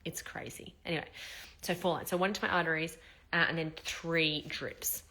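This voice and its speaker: A woman in her thirties vlogs casually while recovering from surgery, telling a candid, emotional personal story. Her deep voice holds a steady, bright, forceful tone at normal speed, and she speaks loosely with many fillers and the occasional swear word.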